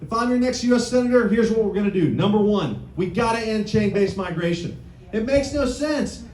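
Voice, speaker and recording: Man, high voice, campaign stump speech, punchy, repeats himself, quizzes the crowd, echoey meeting room. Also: fairly quick, a little mellow. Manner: punchy, repeats lines, asks the crowd questions. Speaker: political candidate. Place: indoor meeting room with an audience. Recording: echoey room with faint noise.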